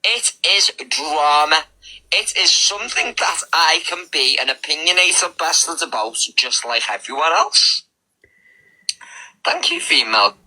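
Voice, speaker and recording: A man chatting casually in a live room, excitable and flamboyant, gushing about his love of drama. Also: a little high, measured pace, rough recording. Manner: excitable, flamboyant, self-proclaimed drama lover. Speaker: live audio chat participant. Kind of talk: casual chat.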